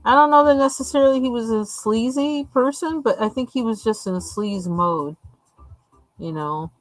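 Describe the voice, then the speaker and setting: A woman's voice: on the high side, moderate pace, soft background music, poor audio. A woman from the United States hosting a live coloring stream, chatting casually, laughing often and acting out the lines she quotes. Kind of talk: casual storytelling chat.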